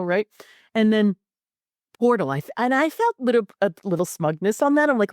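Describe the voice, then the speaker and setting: A woman hosting a podcast interview, chatting casually and telling stories with animated acted-out voices and frequent laughter. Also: mid-range voice, fast talker, no room sound, studio quality. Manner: animated storytelling, acts out voices, laughs often. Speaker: podcast host.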